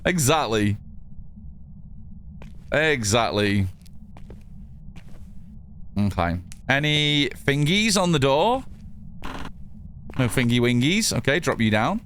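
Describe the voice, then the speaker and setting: A man's voice: fairly high pitch, big pitch swings, slow pace, pauses often, fairly bright tone, a little hiss or hum. A man from the north of England with a mixed northern English accent, chatting casually with viewers while narrating his gameplay. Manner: chatty, reads chat aloud, swears casually. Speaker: streamer.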